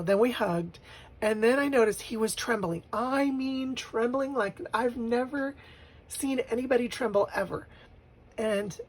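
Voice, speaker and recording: A woman with a husky, slightly breathy voice talks through a memory as she works on a journal page. She is emotional and sometimes tearful, breaking into laughter as she recalls the moments. Her delivery is unscripted and personal, at a middling pitch. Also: low-quality recording. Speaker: vlogger making a grief journal. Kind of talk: personal storytelling while crafting.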